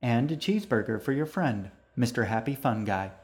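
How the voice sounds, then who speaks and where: A man's voice: mid-range voice, animated, normal speed, darkish tone, close to an everyday voice. A man voicing a friendly young waitress in a storybook reading, with a breezy, easygoing delivery.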